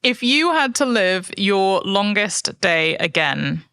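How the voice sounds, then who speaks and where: A woman's voice: medium pitch, big pitch swings, slow, bright, forceful tone, clean tone, no echo, studio quality. A woman hosting a podcast, asking her guest questions in an interview. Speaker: podcast host.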